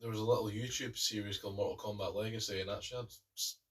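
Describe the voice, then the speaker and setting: A man's voice: on the low side, fairly even intonation, very fast, distant mic, a little hiss or hum. Wisecracking Scottish man, a bit off-mic. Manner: joking, wisecracking. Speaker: quiz player. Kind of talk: casual quiz chat.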